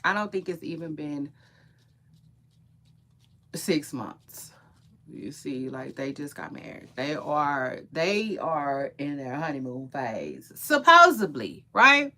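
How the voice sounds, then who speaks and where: Lively, bright-voiced woman chatting opinions. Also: deep voice, slow pace. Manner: chatty, opinionated, repeats words and trails off. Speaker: gossip and entertainment commentator. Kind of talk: casual chat to viewers.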